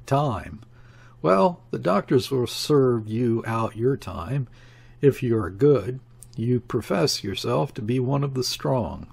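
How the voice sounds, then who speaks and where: A man reading an audiobook voices a gruff male radical who growls sneering retorts. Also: mid-range voice, darkish tone, full character voice. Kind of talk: audiobook character voice.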